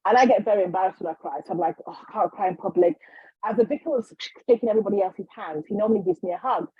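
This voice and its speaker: Husky-ish woman guest spilling a story, lively, keeps restarting, dry kinda dull sound. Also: mid-range voice, rapid-fire, no echo. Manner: animated, acts out quotes, frequent restarts. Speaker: guest, healer. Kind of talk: casual storytelling.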